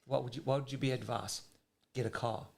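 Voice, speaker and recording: A man with a South African accent, a surf coach explaining technique in casual talk, getting excited and using everyday comparisons. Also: mid-range voice, fairly quick, gravelly.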